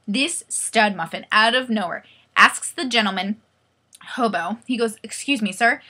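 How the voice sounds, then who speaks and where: A woman in her twenties telling a comic story to camera in a lively, profane way, acting out the people she quotes. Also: medium pitch, unhurried, breathy edge. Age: 20s. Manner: animated, profane, acts out quoted voices. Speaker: vlogger. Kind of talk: comedic storytelling vlog.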